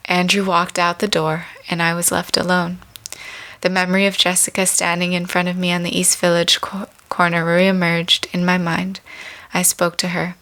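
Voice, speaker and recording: A woman in her twenties reads her own memoir aloud, measured and reflective. Her voice sits low and stays fairly even, with little rise and fall. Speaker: author reading her memoir. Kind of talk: memoir reading.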